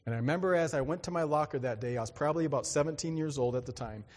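A man's voice: on the high side, very fast, darkish tone. A man preaching a sermon, telling a personal story in an earnest, dramatic way and acting out the other voices. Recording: long hall reverb.

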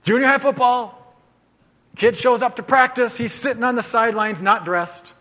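High bright guy preaching like a coach, joking and pushing the crowd, big church reverb. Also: normal speed. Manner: energetic, coach-like urging and joking. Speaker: pastor. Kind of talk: sermon with storytelling. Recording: long reverb of a large hall.

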